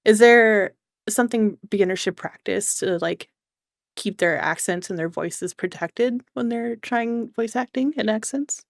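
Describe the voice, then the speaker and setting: A woman's voice: medium pitch, a little slow, creaky, dry recording, clean studio sound. Curious Canadian woman host. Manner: curious, asks questions, frequent small reactions. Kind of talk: casual interview.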